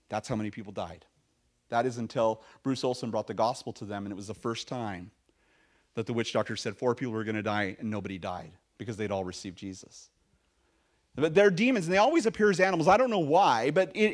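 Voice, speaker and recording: A male pastor preaching a sermon in a conversational, animated way, with frequent fillers and restarts. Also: medium pitch, brisk.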